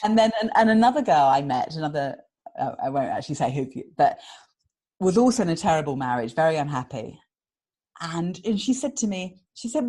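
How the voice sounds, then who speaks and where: A woman's voice: fairly low pitch, a little fast, slightly rough. A British woman from England, a guest author, telling stories in a casual interview, laughing often and acting out what people said. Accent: British English. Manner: animated, laughs often, acts out quotes.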